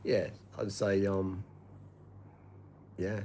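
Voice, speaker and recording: A man's voice: low voice, little pitch movement, extremely slow, darkish tone, slight background noise. A man in a casual chat who talks in a laid-back, blunt way, dropping "man" and "like" often.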